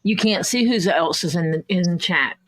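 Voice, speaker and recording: A woman's voice: on the low side, normal speed, no room sound. Easygoing woman hosting a livestream. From southern United States. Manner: joking, easygoing banter. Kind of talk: casual chat.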